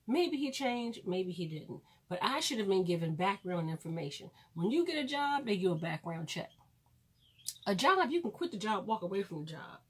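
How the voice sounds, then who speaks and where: A woman's voice: on the low side, breathy edge. A woman ranting on her vlog, blunt and preachy, swearing freely and repeating lines for emphasis. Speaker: vlogger.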